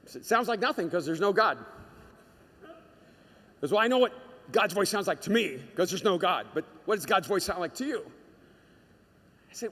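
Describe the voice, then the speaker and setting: A male pastor delivering a dramatic sermon, moving between hushed storytelling and shouted urgency. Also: sits high, expressive, normal speed, long pauses, breathy edge, big-room sound.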